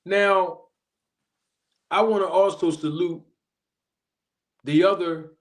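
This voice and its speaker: A man hosting a live stream, chatting casually and giving animated shout-outs to viewers. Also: a little high. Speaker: livestream host.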